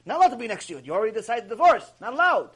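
A man's voice: very high-pitched, very animated, very fast, fairly bright tone, husky, exaggerated voice. A man voicing an anxious, rule-bound husband who frets and repeats himself. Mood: panicked.

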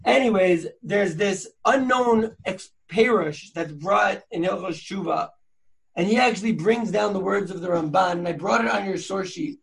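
A man's voice: sits high, normal speed, vocal fry, fairly bright tone. A man hosting a podcast, teaching Torah sources in a chatty, slangy way with many fillers and restarts. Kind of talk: casual learning chat.

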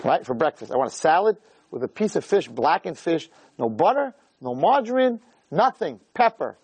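A middle-aged man giving a jokey, animated storytelling talk as a rabbi, peppering it with "right?". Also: a little high, normal speed, breathy edge, no room sound. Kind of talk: storytelling lecture.

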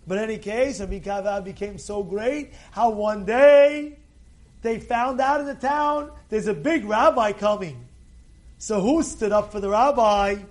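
Man, rabbi, very high voice, animated storytelling sermon, repeats himself. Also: measured pace. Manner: lively storyteller, repeats words, acts out quotes. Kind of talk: storytelling Torah talk.

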